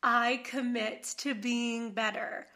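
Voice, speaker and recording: A woman's voice: fairly high pitch, steady tone, slow pace, pushed and bright. A woman hosting a podcast interview, effusive and heartfelt, swearing casually as she talks. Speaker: podcast host.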